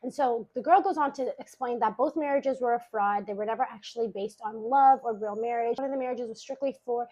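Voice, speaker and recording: A woman's voice: on the high side, a little fast, few pauses, darkish tone, poor audio. A woman casually retelling a story in a chatty gossip manner, full of filler words. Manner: chatty gossip retelling, lots of "like" and acted quotes. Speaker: storytime narrator.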